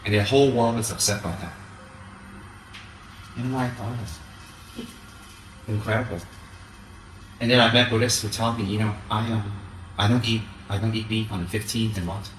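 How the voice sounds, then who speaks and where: A man giving an animated Dharma talk as a Buddhist teacher, often mocking the voices of his critics. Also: fairly low pitch, brisk, reverberant, slight background noise, rough recording.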